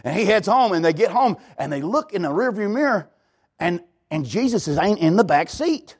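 A male pastor, preaching a sermon in a folksy, animated way and often calling out to the congregation. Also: high-pitched, normal speed, husky. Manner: folksy, animated preaching with repeated "hey, listen to me".

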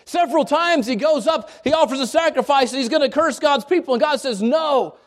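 Brief: male pastor, strikingly high voice, animated folksy sermon storytelling. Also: brisk. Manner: animated, folksy, many restarts.

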